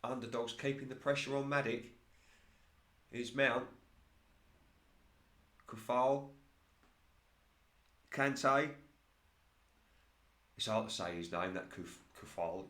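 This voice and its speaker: Excitable man calling his own football sim. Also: mid-range voice, normal speed, pauses often, roomy sound. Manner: excitable play-by-play, laughs at his own slips. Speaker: commentator of his own football management game. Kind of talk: casual solo game commentary.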